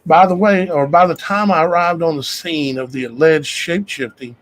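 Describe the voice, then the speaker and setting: Man host, folksy and meandering, pitched a bit high. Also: steady tone, moderate pace, low-quality recording. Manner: rambling, conversational, folksy with "y'all guys". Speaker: show host. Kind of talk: casual talk to viewers.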